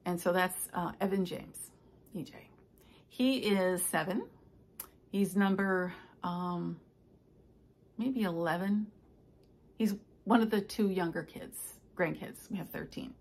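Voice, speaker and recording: An older woman, a stitching vlogger, chatting casually and telling rambling stories with soft asides. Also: lowish voice, slow pace, long pauses. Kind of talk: casual chat.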